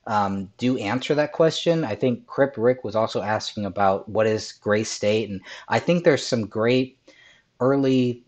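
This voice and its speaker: A man hosting a podcast discussion, methodical and hesitant with frequent ums, his voice slightly hoarse. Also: lowish voice, unhurried. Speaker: podcast host.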